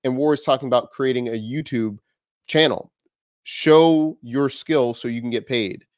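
A man hosting his own channel, giving business advice straight to camera in an energetic way, asking one rhetorical question after another. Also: mid-range voice, moderate pace, dry recording, studio quality. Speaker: business coach and channel host.

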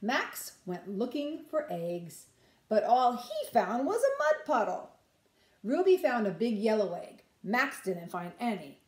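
A woman's voice: a little high, a little slow, reverberant. A nursery school teacher, a woman, reading a picture book aloud and asking the children questions. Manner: animated, asks children questions.

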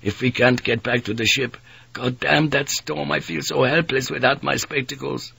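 A man voicing an anxious, nearsighted merchant who speaks in a hushed, uneasy way. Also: mid-range voice, fairly even intonation, moderate pace, gravelly, breathy edge, dry recording, voice pushed up, exaggerated voice.

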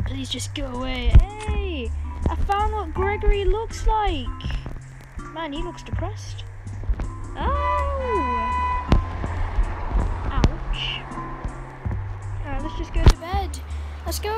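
Woman, very high voice, casual gaming commentary, exasperated and giggly, game music underneath. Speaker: gaming channel host.

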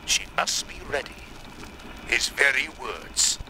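An actor playing a gruff, impatient, foul-mouthed middle-aged uncle in a game. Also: male voice, medium pitch, takes it slowly, pushed and bright, slight background noise, poor audio.

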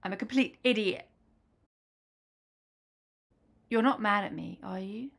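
An apologetic partner speaks earnestly and somewhat flustered, as a woman acts her out. Her pitch sits in a medium range. It is played in a light comic sketch. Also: brisk, creaky, breathy edge.

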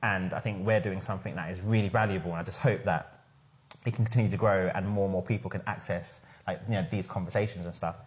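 A man's voice: low-pitched, steady tone, fast talker. A man hosting a casual podcast discussion, talking enthusiastically in a chatty way with lots of "like". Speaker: podcast host and founder.

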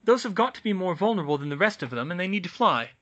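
A man voicing a bossy, clever teenage witch girl in an audiobook reading, insistent and brisk. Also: sits high, big pitch swings, sharp tone, muffled recording, voice pushed up, full character voice. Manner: brisk, insistent, rises to shrieks. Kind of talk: audiobook reading of fan fiction.

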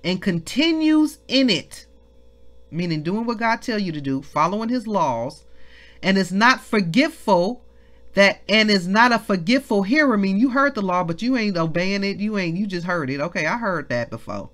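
Lively woman preaching a Bible devotional. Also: mid-range voice, moderate pace. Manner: exclaims, asks the listeners questions, repeats phrases. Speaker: ministry leader teaching scripture.

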